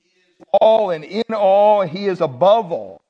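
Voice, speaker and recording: A man's voice: high voice, lively intonation, measured pace, lo-fi sound. A man preaching a sermon with emphasis, asking the congregation rhetorical questions. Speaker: pastor.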